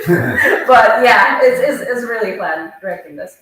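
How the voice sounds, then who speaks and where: A woman's voice: a little high, animated, takes it slowly, fairly bright tone. A woman director talking casually about the play, saying "like" constantly. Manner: filler-heavy, saying "like" constantly. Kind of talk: interview answer. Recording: very echoey room.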